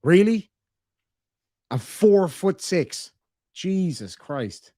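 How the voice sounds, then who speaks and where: A man's voice: high-pitched, big pitch swings, drawn-out words, dark tone, no echo, clean studio sound. A man giving profane, sarcastic reaction commentary on video clips. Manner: sarcastic, mocking, swears often.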